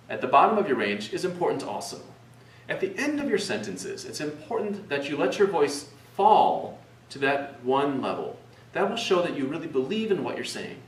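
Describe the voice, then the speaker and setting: Animated man teaching speaking skills, roomy sound. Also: moderate pace, a little hiss or hum. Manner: demonstrative, shifts pitch for examples. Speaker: presentation skills instructor. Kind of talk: video lesson on public speaking. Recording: roomy, distant mic, faint ambience.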